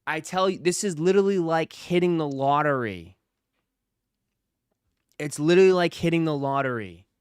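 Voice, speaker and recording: A man's voice: on the high side, animated, normal speed, pauses often, smooth, no room sound, studio quality. A man hosting a casual livestream, talking straight to his chat viewers and repeating phrases for emphasis. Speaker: livestream host.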